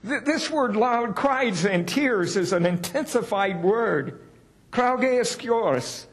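A man's voice: very high-pitched, animated, measured pace. A man preaching a sermon in a folksy, candid way, poking fun at himself and raising his voice to stress key words. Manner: folksy, candid and self-deprecating; builds to raised emphasis on key words.

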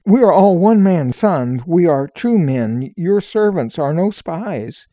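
A man's voice: sits high, expressive, slow pace, mellow, dry recording, clean studio sound, pitched above the performer's own voice. A man voicing a group of anxious grown brothers who earnestly plead their innocence.

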